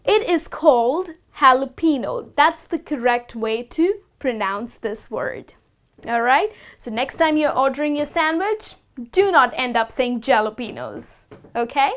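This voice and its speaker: Lady with a high voice going slow, teaching how to say food words, repeats each one carefully. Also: expressive. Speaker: pronunciation teacher. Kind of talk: scripted lesson to camera.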